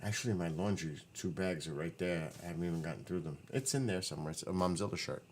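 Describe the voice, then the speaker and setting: A man's voice: sits low, quick pace, slight background noise. Tired New guy rambling to chat. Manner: rambling, self-correcting, talks to chat. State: tired, voice wearing out. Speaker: livestream host chatting with viewers. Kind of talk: casual livestream chat. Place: home living room.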